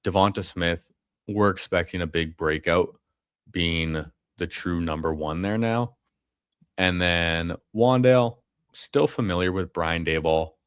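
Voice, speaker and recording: A man's voice: deep voice, a little slow, smooth, no room sound, clean studio sound. A man streaming a fantasy football draft, talking casually and slangily with viewers. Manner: casual, slangy, calls people bro and man. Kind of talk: casual live commentary.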